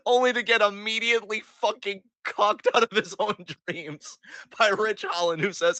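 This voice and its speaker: A man with a high-pitched voice speaks at a measured pace, and there's no room sound. Co-hosting a wrestling podcast, he chats casually and excitably, swearing freely and gleefully acting out the wrestlers' quotes during the recap.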